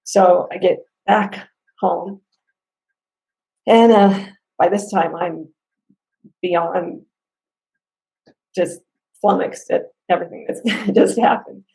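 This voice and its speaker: A woman telling a complaint story in a casual spoken review, animated, laughing between lines and acting out what people said, sounding upset and near tears. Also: fairly low pitch, takes it slowly, gravelly, pauses often, low-quality recording.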